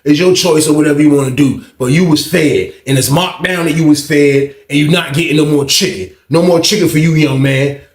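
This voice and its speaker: A man's voice: a little high, fairly quick, hardly any pauses, echoey room, close to an everyday voice. Matter-of-fact, unbothered male jail officer, as a storyteller puts him on. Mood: dismissive. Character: calm, dismissive male jail sergeant.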